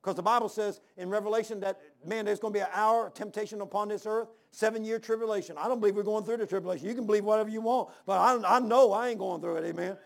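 A man's voice: high voice, fairly even intonation, quick pace, vocal fry, few pauses. A man in his sixties preaching a sermon, emphatic and folksy, repeating phrases and calling out amen and hallelujah. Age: 60s. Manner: folksy, drawls "man" and "ain't".

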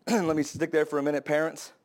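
A young adult man preaching a sermon to his church, impassioned and building to high, emphatic cries. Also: little pitch movement, normal speed, a little mellow. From United States.

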